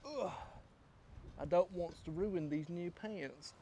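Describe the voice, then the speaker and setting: A man's voice: on the high side, a little slow, dark tone, breathy edge. An English man with a posh accent, a filmmaker musing in a rambling, self-mocking vlog monologue recorded outdoors. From England. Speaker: filmmaker, vlogger.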